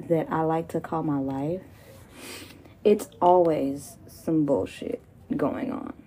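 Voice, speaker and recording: Recovering from pneumonia, a woman hosts her own podcast with a casual, profane solo rant punctuated by laughing asides. Her voice is lowish, mellow and husky.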